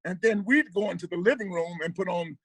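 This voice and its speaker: A man, a guest comedian, chatting casually on a video call and acting out family stories with animated delivery. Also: sits high, fairly quick, no echo. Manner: animated storyteller, mimics his dad. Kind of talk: casual chat.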